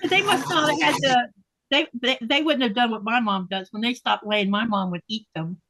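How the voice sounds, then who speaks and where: A woman's voice: a little high, normal speed, fairly bright tone, a little hiss or hum. Chatty woman hosting a live sewing stream. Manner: reads viewer comments aloud, chatty. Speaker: livestream host. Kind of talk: casual live chat.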